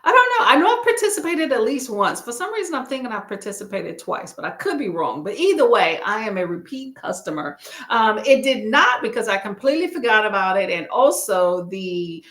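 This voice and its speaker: Woman, live-stream host, chatty, talks right to her viewers, very animated swooping voice, echoey room. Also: medium pitch, a little fast. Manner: chatty, animated, answers the chat directly.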